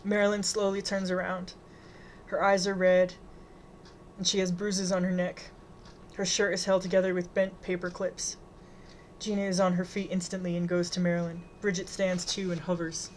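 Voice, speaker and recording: Female narrator, steady plain read of a novel. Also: on the low side, normal speed, a little hiss or hum, rough recording. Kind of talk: reading a novel aloud.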